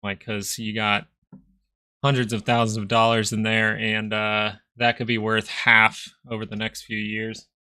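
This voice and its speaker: A man's voice: lowish voice, monotone, a little slow, pushed and bright, smooth, no room sound, clean studio sound. A young man hosting a stock market livestream, chatting casually and loosely while out of breath. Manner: loose, rambling, slangy.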